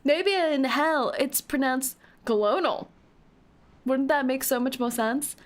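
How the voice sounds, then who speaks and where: A woman's voice: high voice, takes it slowly. A woman streamer commenting on a game playthrough, giggling and squealing in mock despair while reading the game text aloud.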